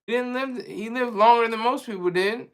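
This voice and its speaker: A man's voice: very high-pitched, moderate pace. A man hosting a live stream in a casual, rambling monologue, giving strong opinions and often stopping to search for words as he answers his chat.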